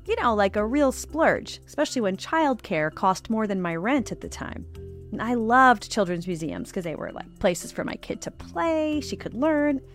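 A woman hosting a short personal finance segment, chatty and upbeat, talking about her years as a parent. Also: medium pitch. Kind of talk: friendly money-tips segment.

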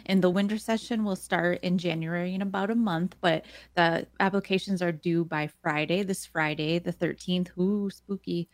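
A woman's voice: lowish voice, fairly even intonation, moderate pace, hardly any pauses, no room sound. A woman from Minnesota, a program manager guest on a radio show, talking casually and laughing often. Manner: friendly, laughs often, informal fillers.

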